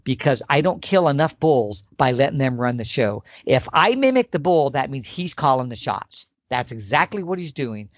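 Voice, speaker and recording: Animated man coaching on elk calling. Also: mid-range voice, normal speed, hardly any pauses, dry recording, dull audio. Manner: animated and emphatic, acts out elk calls. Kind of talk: instructional podcast chat.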